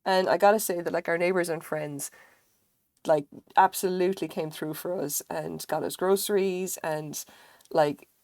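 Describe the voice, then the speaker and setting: Woman streamer, low and creaky, dry close sound; chatty, rambling, casual cursing. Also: fairly even intonation, moderate pace, a little mellow, dry recording. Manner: rambling, swears freely, chatty. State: recovering from illness, sense of taste dulled. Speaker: craft streamer. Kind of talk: casual chat with live viewers.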